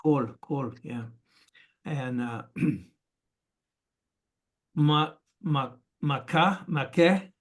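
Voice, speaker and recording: A man practicing reading aloud, hesitantly sounding out words syllable by syllable and often clearing his throat, over a video call. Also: a little high, drawn-out words, pauses often. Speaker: student. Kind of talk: halting read-aloud practice.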